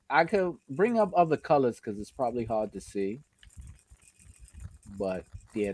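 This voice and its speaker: A man with a New York accent hosting a casual live stream, giving shout-outs to viewers and laughing often. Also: medium pitch. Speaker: host.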